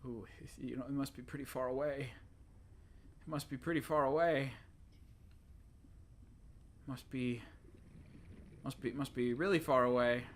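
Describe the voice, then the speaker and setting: A let's play gamer giving casual commentary, talking to themself in an excitable, exasperated way. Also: mid-range voice, unhurried, pauses often, a little hiss or hum. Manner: talks to self, excitable, exasperated.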